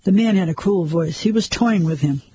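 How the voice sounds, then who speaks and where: Husky, dark-toned male storyteller. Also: high-pitched, dry recording, poor audio. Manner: measured, suspenseful storytelling. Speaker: narrator. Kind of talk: audiobook crime story narration.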